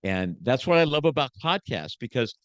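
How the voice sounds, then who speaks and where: A man's voice: mid-range voice, big pitch swings, moderate pace, dry recording, dull audio. Preacher-like man telling his story. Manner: preacher-like, swinging from hushed to emphatic. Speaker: podcast guest, motivational speaker. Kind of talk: emotional personal testimony.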